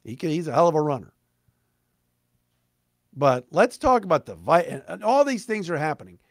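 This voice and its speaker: A middle-aged man rants through a sports podcast monologue, blunt and sarcastic, hammering his points home. His voice sits a little high for a man, recorded dry and close with no room sound. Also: sing-song, normal speed, no echo. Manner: blunt, emphatic, sarcastic, mocks fans in put-on voices.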